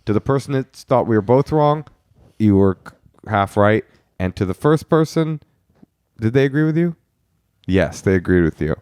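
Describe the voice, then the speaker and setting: A male podcast co-host argues his point with playful, mock-indignant banter. His voice is fairly low but swings widely in pitch. It is recorded up close with a dry, dead sound. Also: animated, normal speed, pauses often, a little mellow, smooth, no room sound. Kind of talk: casual comedic chat.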